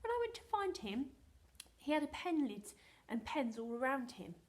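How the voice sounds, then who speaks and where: An English woman teaching a remote phonics lesson to young children, playful and animated, slipping into whispers and sounding out words slowly. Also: sits high. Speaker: primary school teacher.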